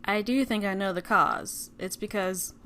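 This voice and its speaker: A woman's voice: mid-range voice, measured pace, fairly bright tone, natural voice. A woman reading the lines of a laid-back male cowboy gunslinger in a game, casual and joking. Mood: teasing.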